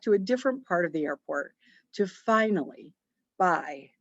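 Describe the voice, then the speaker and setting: A woman hosting a podcast, telling a story in a chatty, animated way and acting out bits of dialogue. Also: on the low side, normal speed, no echo, dull audio. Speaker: podcast host. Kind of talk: casual storytelling monologue.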